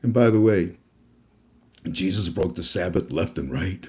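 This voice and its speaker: A man's voice: low-pitched, expressive, unhurried, dark tone. A man hosting an online talk, speaking casually and preachily about faith, rambling with many fillers and restarts. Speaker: host. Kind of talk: casual religious talk to viewers.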